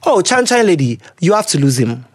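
A woman with a Ghanaian accent hosting a casual advice podcast, blunt and sassy, swinging between English and Twi slang with loud exclamations. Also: on the low side, sing-song, slightly rough, no room sound. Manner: blunt, sassy, rapid code-switching. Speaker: podcast host.

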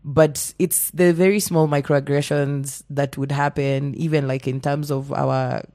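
A woman's voice: low voice, unhurried, dry recording, clean studio sound. A woman with a Kenyan accent, a guest in a casual conversation, telling stories animatedly and slipping into Swahili. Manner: animated storyteller, mixes in Swahili, acts out quotes.

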